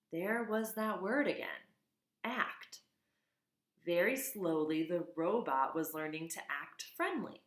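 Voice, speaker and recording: A woman reading a children's novel aloud, expressive, with casual asides. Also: lowish voice, slow. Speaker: reader. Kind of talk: storybook read-aloud. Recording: echoey room.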